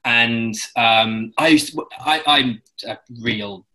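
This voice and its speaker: A British man from London chats as a guest, spinning rambling stories full of tangents and restarts. His voice is bright and forward, and his pitch sits right in the middle for a man. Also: slow, low-quality recording. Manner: lively storyteller who acts out other people's voices in his anecdotes. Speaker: guest, musical theatre actor. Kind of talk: casual chat, anecdote telling.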